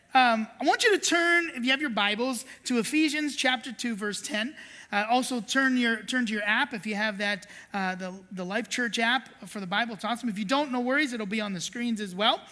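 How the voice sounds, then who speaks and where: Preaching in an echoing church hall, this woman pastor has a high, bright voice and a forceful tone. She pokes fun at herself while telling a story in her sermon, dramatizing each quote.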